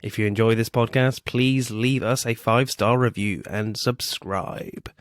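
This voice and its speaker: A man's voice: fairly low pitch, a little slow, dry recording, studio quality. A man hosting a film podcast, chatting casually and laughing often. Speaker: podcast host. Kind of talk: casual chat.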